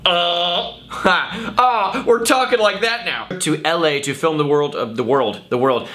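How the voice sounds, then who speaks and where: A man's voice: sits high, very animated, measured pace, sharp tone, slight background noise. A young man who vlogs, rambling goofily and tripping over his own words in casual bloopers. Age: young adult. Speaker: YouTuber.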